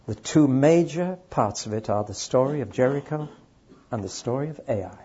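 A man's voice: mid-range voice, mellow, breathy edge, highs cut off. A man preaching a sermon to a live audience, emphatic and speaking straight to the listeners. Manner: emphatic, addresses audience directly.

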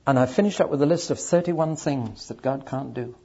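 A man's voice: medium pitch, fairly quick, dark tone, breathy edge, lo-fi sound. A man preaching a sermon to a live audience, emphatic and speaking straight to the listeners. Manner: emphatic, addresses audience directly.

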